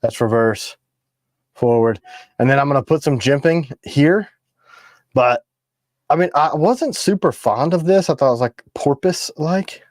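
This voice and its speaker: A man's voice: fairly high pitch, a little slow, pauses often, no echo. Chatty man, dry close sound. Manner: rambling, jokey, trails off mid-sentence. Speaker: knife maker and livestream host. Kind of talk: casual livestream chat.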